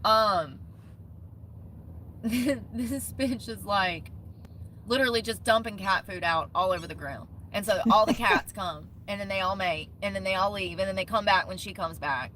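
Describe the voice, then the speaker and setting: Brief: young woman vlogger, ranting and cussing, bright and forceful tone, faint vehicle noise behind. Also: medium pitch, unhurried. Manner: indignant, profane, quotes people in short bursts. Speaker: van-life vlogger. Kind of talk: ranting vlog storytime.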